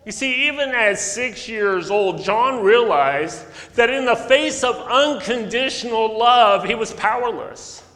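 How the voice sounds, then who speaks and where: A male pastor preaching a sermon, telling stories earnestly, with sudden loud emphasis and soft drops. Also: extremely high pitch, measured pace, few pauses. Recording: long echo of a large hall.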